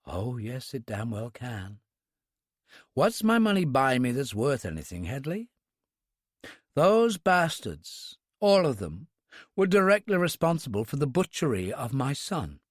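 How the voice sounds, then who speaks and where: A man voicing a grieving older aristocratic woman in an audiobook, quiet, low and determined. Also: sing-song, a little slow, no room sound, studio quality. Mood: steely.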